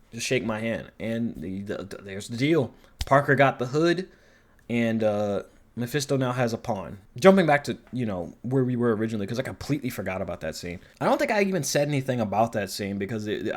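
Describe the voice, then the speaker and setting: A man in casual review commentary, rambling along with frequent swearing. His pitch sits mid-range and he jumps between excited and deflated. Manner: rambling, profane, animated.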